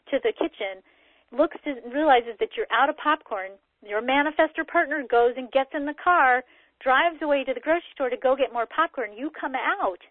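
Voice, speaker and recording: A middle-aged woman giving a casual talk that explains a personality system, acting out quoted dialogue in lively voices. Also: sits high, no echo. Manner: animated, acts out quoted dialogue. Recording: tinny phone-like recording, dry.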